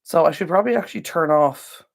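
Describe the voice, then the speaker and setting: Streaming casually from a home room by a window, an Irish host with a low voice and lively intonation speaks at a quick pace. She addresses viewers by name and says "um" a lot.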